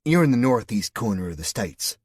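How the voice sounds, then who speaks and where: A man's voice: lowish voice, very animated, a little fast, breathy edge, no room sound, studio quality, voice pushed up. A man voicing a flirty, sarcastic woman from West Virginia with a West Virginia accent and a mocking, teasing drawl.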